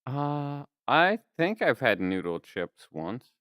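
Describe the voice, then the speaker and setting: A man's voice: medium pitch, sing-song, slow pace, fairly bright tone, clean tone, no room sound, studio quality. A young man streaming, telling a rambling story in casual chat and laughing often.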